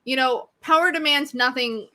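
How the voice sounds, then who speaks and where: Woman host, high and bright voice, fed up and emphatic. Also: normal speed. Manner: emphatic, exasperated, agreeing. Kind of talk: livestream talk.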